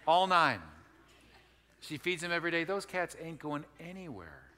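A man's voice: on the high side, animated, moderate pace, sharp tone, slight background noise. A middle-aged man from Wisconsin, a pastor giving a conversational, folksy sermon and often repeating and restarting his phrases. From Wisconsin, United States. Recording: long hall reverb.

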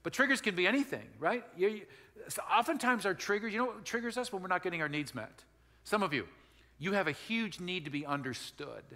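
A man's voice: on the high side, sharp tone. A middle-aged man from Wisconsin, a pastor giving a conversational, folksy sermon and often repeating and restarting his phrases. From Wisconsin, United States. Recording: long hall reverb.

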